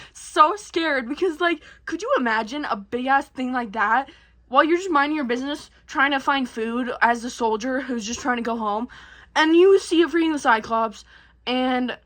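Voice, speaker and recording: Brief: a high-voiced woman, chatty recap, slangy and full of swearing. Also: a bit bright. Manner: rambling, slangy, swears a lot. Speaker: vlogger. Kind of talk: casual movie recap.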